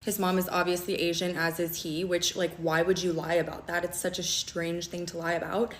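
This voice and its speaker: A young woman telling a personal story in a vlog, emphatic and fast, often stopping to check in with "okay?". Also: fairly low pitch, little pitch movement, slight background noise. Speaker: storytime vlogger. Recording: echoey room.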